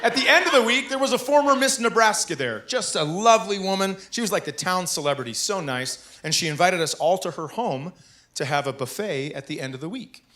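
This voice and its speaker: Bright-voiced male stand-up storyteller. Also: high voice, fairly quick. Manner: animated, bursts into shouts at punchlines. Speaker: stand-up comedian. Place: comedy club stage.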